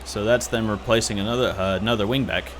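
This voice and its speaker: A man in his thirties giving casual, excitable commentary over his own football video game, grumbling when things go wrong. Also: lowish voice, quick pace, noisy background. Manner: chatty, excitable, grumbling at setbacks. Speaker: gaming YouTuber.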